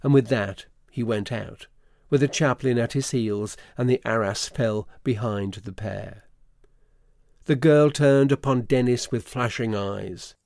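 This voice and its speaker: A man narrating a classic story in measured, scripted storytelling. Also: mid-range voice, creaky, a little mellow, no room sound.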